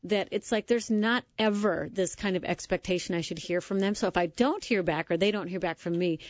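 A woman's voice: on the low side, fairly quick, dry recording. A woman hosting a casual interview chat, chatty and affirming, asking long, winding questions. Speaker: podcast host. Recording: dull dry podcast audio.

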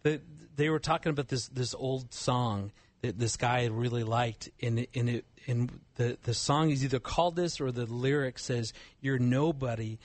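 A man's voice: medium pitch, normal speed, few pauses, dry recording. Dry-voiced man, amused storyteller. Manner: laughs while telling stories. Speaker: guest author. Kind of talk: casual storytelling chat.

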